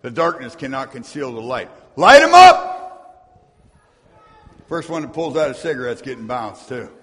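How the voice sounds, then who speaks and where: A man's voice: medium pitch, brisk, fairly bright tone. A man preaching a sermon as pastor, reading scripture aloud and tossing asides to his congregation in a church sanctuary. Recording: long hall reverb.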